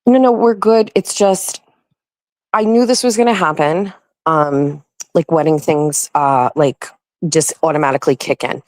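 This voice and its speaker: Low, slow young woman host, loose chatty stream talk, dry close mic. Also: a little mellow, dry recording, rough recording. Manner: rambling, apologetic, lots of fillers. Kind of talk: casual livestream chat.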